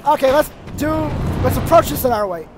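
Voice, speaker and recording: A man commentating his own gameplay, cursing often and yelling at enemies in frustration. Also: extremely high pitch, animated, brisk, very noisy. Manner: frustrated, swearing, yells at enemies. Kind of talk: let's play commentary.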